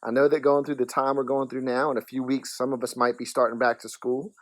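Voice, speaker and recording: A man, wrapping up a children's church lesson in a relaxed way with frequent ums. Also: mid-range voice, quick pace, dry recording. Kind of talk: casual lesson wrap-up.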